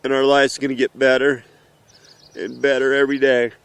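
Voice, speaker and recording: A middle-aged father, emotional and earnest, speaking haltingly outdoors in the mountains in a heartfelt message to his children. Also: mid-range voice, flat delivery, gravelly, clear, resonant tone. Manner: earnest, halting, with pauses and restarts.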